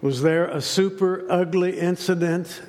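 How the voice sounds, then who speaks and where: A man preaching a sermon in a slightly high voice. He unfolds the story slowly and dramatically, leaning on rhetorical questions. His voice rings out with a long hall reverb in what sounds like a church sanctuary. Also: steady tone, darkish tone.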